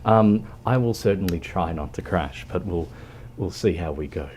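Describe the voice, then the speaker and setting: An Australian man chatting casually with viewers while streaming a game, halting and full of ums and restarts. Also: low voice, a little mellow, slight background noise. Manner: hesitant, many ums and restarts. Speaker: livestreamer. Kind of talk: casual chat while gaming.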